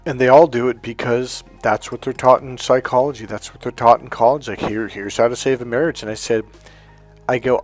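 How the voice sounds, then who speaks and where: A man coaching on dating, lecturing emphatically with stories and repeated points over faint background music. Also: on the low side. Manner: emphatic, repetitive lecturing with anecdotes. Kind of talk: teaching to camera.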